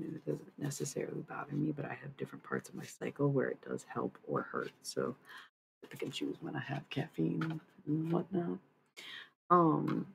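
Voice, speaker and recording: Creaky-voiced woman chatting on stream. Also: a bass voice, a little mellow, a little hiss or hum, poor audio. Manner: rambling, profane, chatty. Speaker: livestreamer. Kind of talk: casual chat with viewers.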